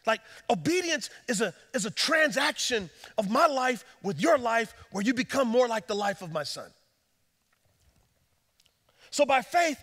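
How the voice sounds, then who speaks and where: A man pastor preaching a sermon, swinging from hushed, intimate passages to loud, shouted climaxes. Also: high voice. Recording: church hall reverb.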